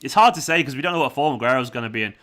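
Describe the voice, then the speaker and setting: Bright-voiced man chatting. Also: medium pitch, racing. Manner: chatty, reads out viewer comments, laughs a lot. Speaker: fan channel host. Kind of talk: live watchalong chat.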